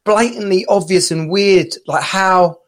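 A man's voice: high voice, fairly even intonation, measured pace. A young man co-hosting a podcast, chatting casually, swearing and laughing often, putting on voices to retell stories. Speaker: podcast co-host. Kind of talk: casual chat.

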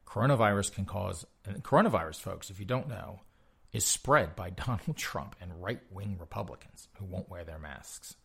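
A man's voice: deep voice, lively intonation, normal speed, vocal fry, fairly bright tone, slightly rough. A man reading news articles aloud and mocking them with sarcastic asides. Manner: mocking asides between read-out passages.

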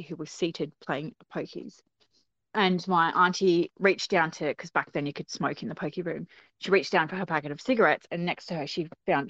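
Low-voiced woman telling a story. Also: fairly bright tone, dry recording. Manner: conversational, many fillers, acts out quotes. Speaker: guest. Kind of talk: casual storytelling. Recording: dull lo-fi recording.

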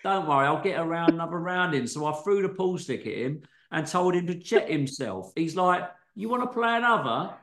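Man doing a swaggering London youth, cocky, highish voice, echoey room. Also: lively intonation, brisk, few pauses, fairly bright tone. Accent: London youth speak. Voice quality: slangy, swaggering. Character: brash young male London lad, cocky and dismissive.

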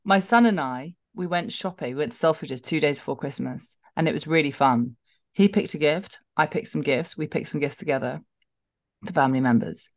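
A middle-aged woman co-hosting a casual chat, animated and laughing as she tells stories. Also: sits low, fairly quick, dry recording. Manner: chatty, laughing, animated storytelling. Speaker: podcast co-host.

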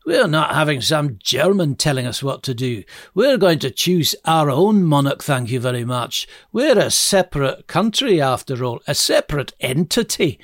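A man's voice: fairly high pitch, sing-song, normal speed, few pauses, no room sound, studio quality. A man voicing the indignant Scottish parliament in a put-on Scottish accent. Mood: defiant. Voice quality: self-declared terrible accent.

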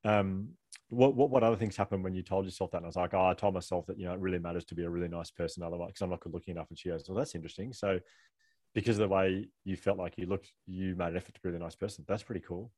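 A man's voice: low-pitched, steady tone, very fast, warm tone, dry recording. A middle-aged man telling personal stories as an author guest, rambling, self-deprecating and laughing often. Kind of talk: candid conversational storytelling.

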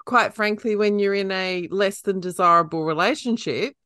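A woman's voice: mid-range voice, normal speed, bright, forceful tone, dry recording, studio quality. A woman in her forties hosting a podcast, talking frankly and encouragingly with plenty of swearing. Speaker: podcast host. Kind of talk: casual podcast chat.

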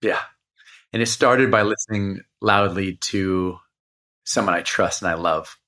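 A man's voice: low voice, unhurried, bright, forceful tone. A man in his forties, a performance coach, earnestly telling a personal story as a podcast guest. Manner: earnest, heartfelt.

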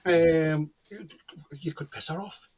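A man's voice: a little high, slow, noisy background. A man, telling anecdotes in casual chat and acting out the dialogue in them. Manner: animated storyteller, acts out quoted dialogue. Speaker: guest, cold reader.

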